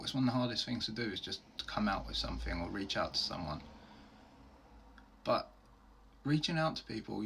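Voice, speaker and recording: Male host, low gravelly husky voice, candid and earnest, solo Q&A video. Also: a bit bright. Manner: earnest, open and heartfelt, with plain everyday phrasing. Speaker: host answering viewer questions.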